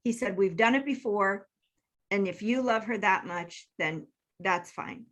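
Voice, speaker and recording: Bright-voiced woman in her fifties telling a story. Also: mid-range voice, measured pace. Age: 50s. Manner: emotional, earnest, acts out quoted texts. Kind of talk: casual storytelling.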